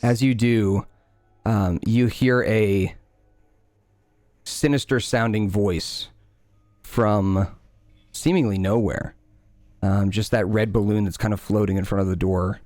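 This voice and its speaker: A man narrating as game master in a tabletop game, unhurried and full of fillers. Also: lowish voice, no room sound. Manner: relaxed, many fillers, unhurried.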